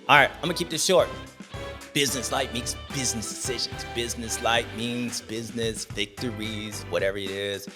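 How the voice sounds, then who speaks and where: Casual male show host, slangy and animated, bright edge to the voice. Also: mid-range voice, a little fast, faint music behind. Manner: animated, slangy, with dramatic outbursts. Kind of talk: casual commentary.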